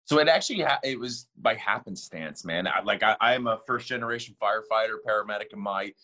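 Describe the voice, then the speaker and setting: A man as a podcast guest, relaxed and chatty, often saying "man" and "bro". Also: fairly low pitch, fast. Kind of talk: casual interview.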